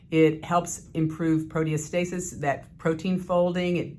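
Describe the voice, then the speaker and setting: A woman physician giving an educational health talk in a measured, explanatory way, with occasional fillers. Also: deep voice, slight background noise.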